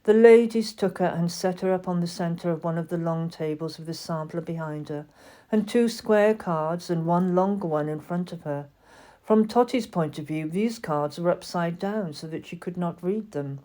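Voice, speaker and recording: A woman narrates a children's storybook in a gentle, expressive way. Her voice sits a little low and sounds mellow. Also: normal speed. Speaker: audiobook reader.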